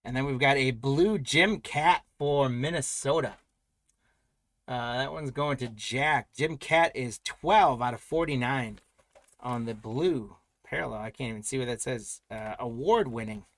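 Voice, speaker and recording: A man's voice: medium pitch, a little slow, fairly bright tone, dry recording. Upbeat man hosting a card break. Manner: upbeat, chatty, congratulates buyers by name. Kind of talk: live card break commentary.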